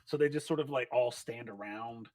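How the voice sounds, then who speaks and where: A man narrating as game master of a tabletop game, chatty and animated, with many fillers. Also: mid-range voice, moderate pace, no room sound.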